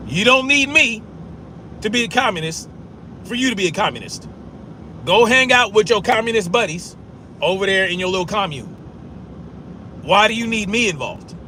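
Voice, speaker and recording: A man's voice: high voice, sharp tone, slight background noise. A man arguing back at chat comments during a casual live stream, profane and repeating himself for emphasis.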